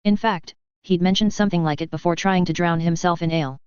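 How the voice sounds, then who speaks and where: A woman reading a fan fiction story aloud in a plain, steady way. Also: on the low side, quick pace, smooth, no room sound, highs cut off.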